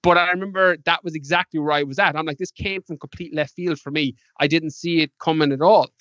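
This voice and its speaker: A man's voice: fairly high pitch, fairly even intonation, brisk, fairly bright tone, no echo. An Irish man, a podcast guest, telling stories in a casual interview and acting out past conversations with animation. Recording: dull lo-fi dry sound.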